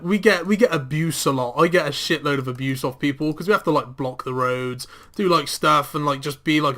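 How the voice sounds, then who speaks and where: A young man in casual chat over a game, his voice pitched a bit high with a bright, forceful edge. He swears freely and tells stories with lively energy. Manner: sweary, animated storytelling. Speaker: gaming commentator.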